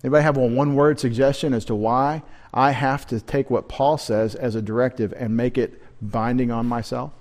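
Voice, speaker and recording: A man's voice: mid-range voice, fairly even intonation, fairly quick, hardly any pauses, a little mellow. Man, pastor, midweek sermon, conversational, questions to the congregation, joking asides.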